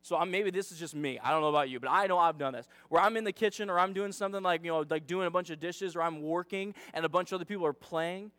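Male youth pastor, casual sermon, high voice, dry close sound. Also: quick pace, hardly any pauses, a bit bright, dry recording. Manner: chatty, dramatizing, self-deprecating.

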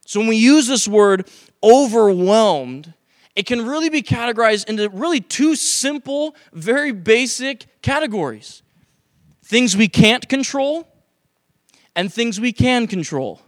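A male pastor preaching a sermon to a congregation, animated and acting out quoted voices. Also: high-pitched, unhurried, no room sound, clean studio sound. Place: church sanctuary.

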